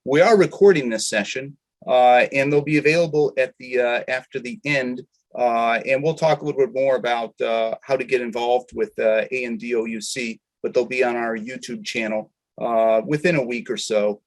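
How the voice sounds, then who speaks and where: A man's voice: medium pitch, steady tone. Man co-hosting a video-call webinar. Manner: hesitant, frequent filler pauses. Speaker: webinar co-host. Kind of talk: casual online meeting chat and housekeeping announcements.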